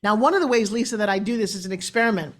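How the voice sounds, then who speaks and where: A middle-aged woman talking as a guest in an interview, animated and motivational, her pitch swinging up and down for emphasis. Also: very fast. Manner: lively, shifting pitch up and down for emphasis. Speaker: guest speaker.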